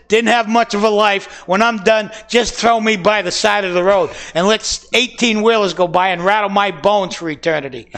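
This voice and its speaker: An older man hosting a comedy podcast, telling stories with comic pauses and quick asides. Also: high voice, fairly bright tone. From Boston area. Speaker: host.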